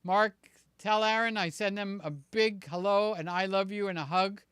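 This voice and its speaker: Clear-voiced man rambling on a livestream. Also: high voice, steady tone, moderate pace, fairly bright tone, dry recording, clean studio sound. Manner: rambling, affectionate, greets viewers by name. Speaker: livestream host. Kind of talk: casual live-stream chat.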